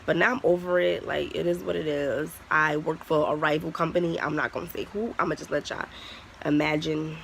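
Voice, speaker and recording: A young adult vlogger talks straight to camera in a loose storytime style, blunt and full of swearing. The voice has a gravelly, creaky edge and sits in a middle pitch. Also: fairly even intonation, fairly quick, fairly bright tone, slight background noise, poor audio. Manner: candid, profane, heavy use of "like". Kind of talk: casual storytime vlog.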